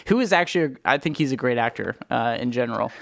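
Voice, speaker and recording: A man's voice: mid-range voice, expressive, brisk, vocal fry, a bit bright, no echo, clean studio sound. A young man co-hosting a movie talk stream, chatty and opinionated, laughing often as he talks. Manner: chatty, opinionated, laughs often, self-described film snob. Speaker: podcast co-host. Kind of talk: casual movie chat.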